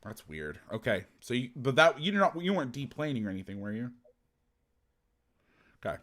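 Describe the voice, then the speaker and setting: A man hosting a football podcast, chatting casually and telling an animated, profane story. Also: medium pitch, normal speed. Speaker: podcast host and football coach. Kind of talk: casual chat.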